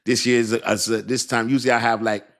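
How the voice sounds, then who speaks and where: A middle-aged American man hosting a casual crypto livestream, chatting with viewers in relaxed slang and laughing often. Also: medium pitch, quick pace. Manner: laid-back slangy talk, frequent laughs.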